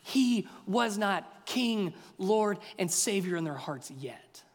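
A male pastor preaching a sermon, swinging from hushed questions to loud, energetic passages. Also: high-pitched, slow, hardly any pauses. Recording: long reverb of a large hall.

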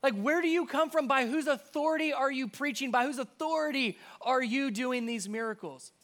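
A man's voice: very high voice, moderate pace, fairly bright tone, pitched above the performer's own voice. A male preacher voicing a curious crowd that challenges a teacher with demanding questions.

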